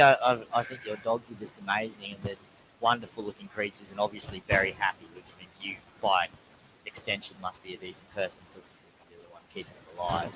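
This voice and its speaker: A man in his thirties with an Australian accent, a viewer chatting lively and jokingly on a live stream over a webcam. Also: fairly low pitch, noisy background. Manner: lively, joking, says mate a lot. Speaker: guest viewer. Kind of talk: casual live-stream chat.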